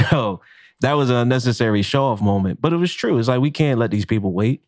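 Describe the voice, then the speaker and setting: A man, a chef and podcast co-host, telling a story in a casual, profane and animated way. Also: medium pitch, a little fast, no room sound, studio quality. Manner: animated, profane, acts out quotes with laughs.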